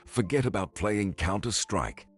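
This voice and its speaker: Man reading as a frightened, pleading wife, husky and low, lively lines. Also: a little slow, faint music behind. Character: anxious married mother caught by ex-lover.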